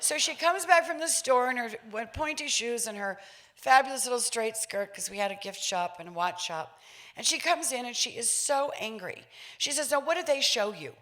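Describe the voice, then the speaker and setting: Lively older woman telling a story. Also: fairly high pitch, moderate pace. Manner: lively, acts out voices, laughs while telling. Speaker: featured speaker. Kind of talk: animated personal storytelling talk. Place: public talk at an event.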